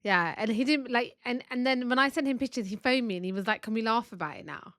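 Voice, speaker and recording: A woman co-hosting a podcast from home, telling stories in a chatty, animated way. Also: fairly high pitch, fast, dry recording, clean studio sound. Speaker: podcast co-host. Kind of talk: casual chat. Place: family home.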